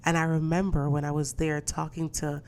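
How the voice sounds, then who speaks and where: A woman's voice: low-pitched, little pitch movement, brisk, darkish tone. A woman hosting a podcast, ranting in a casual, profane, indignant way and telling stories with quoted voices. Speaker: podcast host. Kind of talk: casual solo rant.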